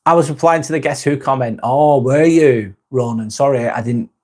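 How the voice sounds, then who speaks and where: A British man hosting a live stream, chatting with viewers in a calm, relaxed, easygoing way. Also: mid-range voice, normal speed. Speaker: live-stream host reading viewer comments. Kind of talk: casual live-stream chat.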